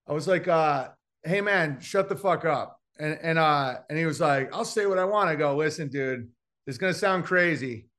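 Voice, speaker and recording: A man's voice: a little high, fairly bright tone. A man, a comedian guest on a podcast, telling brash stories in a rambling, filler-heavy way. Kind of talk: casual podcast chat.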